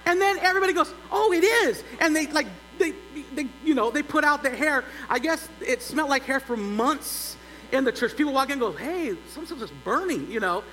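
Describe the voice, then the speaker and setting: A middle-aged male pastor telling a humorous story in a sermon, animated and building to loud exclaims. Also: very high voice, fairly quick. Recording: long church reverb, faint hum.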